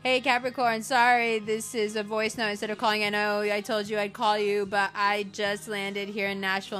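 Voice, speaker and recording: A woman acting out a warm, rushed friend leaving a casual voice note that is peppered with swearing. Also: mid-range voice, close to an everyday voice. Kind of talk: acted voice note.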